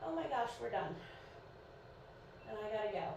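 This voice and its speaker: Woman workout instructor, encouraging and chatty, a bit sleepy, fairly high voice, very echoey room, far from the mic. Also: big pitch swings, moderate pace, gravelly, noisy background. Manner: encouraging, chatty, counts reps. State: sleepy, yawning. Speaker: fitness instructor. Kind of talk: live-streamed workout coaching.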